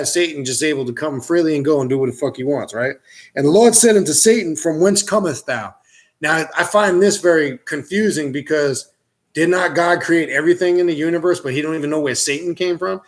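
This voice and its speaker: A man with a voice pitched a little high reads old verses aloud, then breaks off into profane, mocking commentary. His delivery is loose and casual, like an occult teacher talking straight to his viewers.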